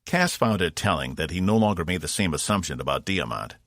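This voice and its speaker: This low-voiced male narrator reads an audiobook script with measured, expressive storytelling. The studio sound is clean, without any room sound.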